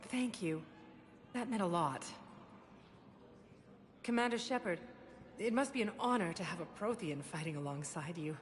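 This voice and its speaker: A woman's voice: on the low side, expressive, moderate pace, pauses often, lightly acted. An actress playing an earnest, worried young woman bystander. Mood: grateful.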